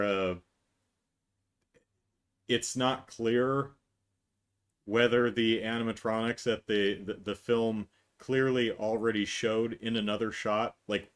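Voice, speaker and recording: Exasperated man ranting about a movie. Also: mid-range voice. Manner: exasperated, sarcastic, mocking acted quotes. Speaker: podcast host. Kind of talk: casual movie review monologue.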